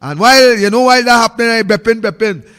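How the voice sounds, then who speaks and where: Fiery high-voiced Trinidadian man ranting. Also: fast, a bit bright, smooth, in a large hall. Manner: fiery, ranting, repetitive, at times sing-song. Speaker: political commentary host. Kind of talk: impassioned political monologue.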